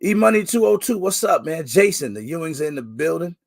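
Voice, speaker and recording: A man's voice: fairly high pitch, sing-song, brisk, vocal fry. A young man hosting a casual live stream, greeting viewers by name in a slangy, joking, laid-back way. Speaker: livestream host.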